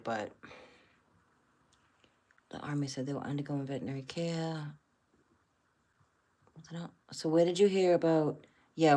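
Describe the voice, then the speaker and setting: A woman's voice: rumbling low, a little mellow. A woman hosting a casual livestream, musing aloud and rambling with many fillers. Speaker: host.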